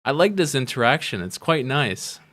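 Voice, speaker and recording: A man's voice: mid-range voice, big pitch swings, normal speed, fairly bright tone. Man reading game dialogue aloud. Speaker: streamer.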